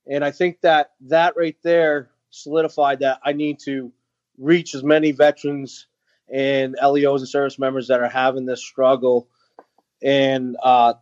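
A man telling a heartfelt story as a podcast guest, earnest and halting with many fillers. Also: mid-range voice, a little mellow, no room sound, muffled recording. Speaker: guest, veteran nonprofit founder.

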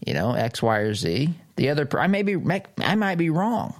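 At a normal speed and with a sing-song delivery, a middle-aged man hosting a political commentary show reads an article out loud. He reacts sarcastically, his pitch jumping for emphasis.

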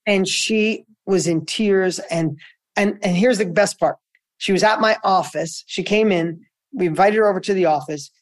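Full of energy, a middle-aged guest entrepreneur tells a story in a conversational interview, repeating himself and restarting sentences often. His voice is high-pitched and his pace normal.

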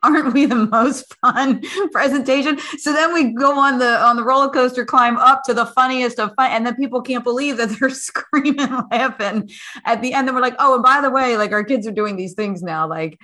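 A woman's voice: fairly high pitch, brisk, pushed and bright. Bubbly laughing woman. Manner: bubbly, laughs while talking. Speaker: podcast co-host. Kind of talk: casual conversation.

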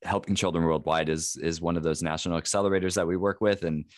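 A man co-hosting a podcast, speaking earnestly and haltingly, with lots of fillers. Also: deep voice, fairly even intonation, no echo, clean studio sound. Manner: hesitant, with many fillers and restarts, earnest. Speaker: podcast co-host. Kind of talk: casual podcast chat.

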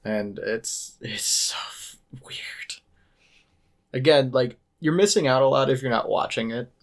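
A man chatting casually on a podcast, retelling a stage musical's story with animated asides and quick impressions of the characters. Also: mid-range voice. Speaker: podcast host. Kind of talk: casual chat recapping a musical.

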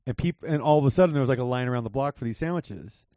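A mid-pitched man chats as a comedy guest from home over a remote call. He is laid-back and laughs often, dropping casual swears, and the sound is dry. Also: lively intonation, very fast, dark tone, dry recording. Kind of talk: casual chat.

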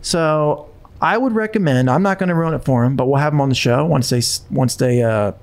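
A man's voice: on the high side, brisk. A man hosting a podcast, chatting casually and rambling with restarts. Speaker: podcast host. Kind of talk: casual chat.

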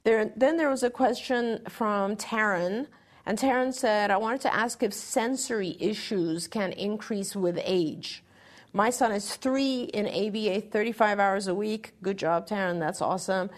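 A woman's voice: medium pitch, measured pace. Woman, middle-aged, casual advice talk, earnest, encouraging. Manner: earnest, encouraging, restarts phrases. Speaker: podcast co-host answering parent questions.

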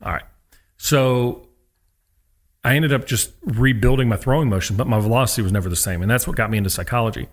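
A man with a medium-pitched voice talks fast as a guest in a casual interview. The former college pitcher tells stories animatedly, acting out the people he quotes.

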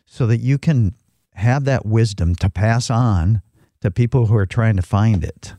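A man's voice: on the low side, measured pace, mellow, dry recording. A man co-hosting a Christian talk show, teaching from the Bible in an earnest, reflective way with frequent restarts. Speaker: christian podcast co-host.

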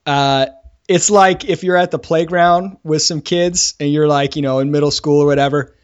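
A man hosting a podcast in casual chat, talking quickly and laughing easily. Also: fairly high pitch, fairly even intonation, smooth. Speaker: podcast host. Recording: dull lo-fi sound.

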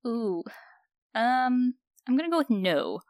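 A woman's voice: a little high, very animated, slow pace, a little mellow, no echo. A woman co-hosting a casual podcast, answering with dry, wry comebacks. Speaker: podcast co-host.

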